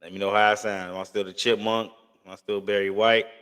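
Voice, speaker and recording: Bright-voiced slangy livestream host, man. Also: on the low side, level tone, fast talker, clear, resonant tone. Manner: loose, slangy, repeats himself, thinks aloud. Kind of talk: casual live-stream chat with viewers.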